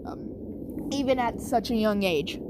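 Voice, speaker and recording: A woman's voice: on the high side, slow pace, noisy background. Rambling woman retelling a fan story. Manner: rambling, self-correcting, many fillers.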